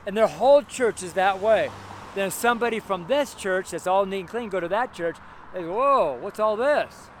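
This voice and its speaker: A man's voice: high voice, a little fast. A man preaching as a street minister, earnest and rambling, repeating his points as he exhorts. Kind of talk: street sermon. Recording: noisy outdoor street recording with cars. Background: passing cars and urban street noise.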